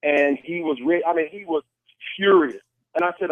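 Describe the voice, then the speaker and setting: A man's voice: a little high, normal speed, no echo. A man on a call-in show telling a personal story in an earnest way, with restarts and acted quotes. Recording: tinny phone line, dry.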